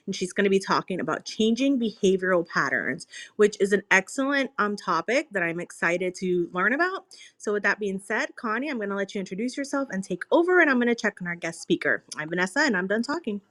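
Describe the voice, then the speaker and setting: A woman hosting the show who opens it with an excited, upbeat welcome before handing over to her co-host. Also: medium pitch. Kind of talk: casual podcast opening.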